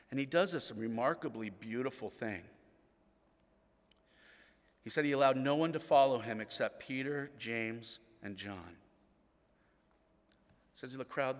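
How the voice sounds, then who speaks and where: Pastor, male, middle-aged; earnest sermon delivery, slightly high voice, hushed passages, long reverb of a large hall. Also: normal speed. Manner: earnest storytelling, drops to hushed tones.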